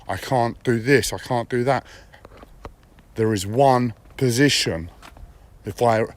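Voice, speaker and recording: Streaming live, a medium-pitched man delivers a blunt, profane personal monologue, repeating phrases and speaking with a whiny edge.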